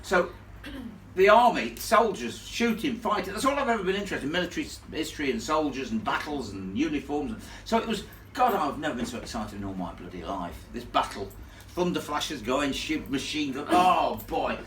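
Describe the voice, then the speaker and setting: A man telling a ghost story live to an audience, in a blunt, animated way with plenty of salty asides. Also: a little high, fairly quick, a little hiss or hum. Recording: echoey room filmed from far off.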